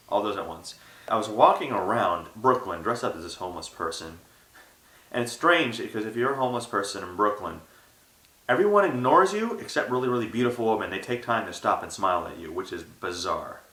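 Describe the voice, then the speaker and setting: Bright-voiced young man telling stories. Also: fairly low pitch. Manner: animated storyteller, acts out quotes. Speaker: aspiring actor being interviewed. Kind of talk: casual interview storytelling. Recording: roomy echo.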